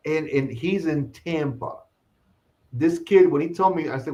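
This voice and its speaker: In a muffled recording, a podcast co-host with a voice on the high side tells a story at an unhurried pace during casual chat. He's an animated storyteller who performs the quoted dialogue.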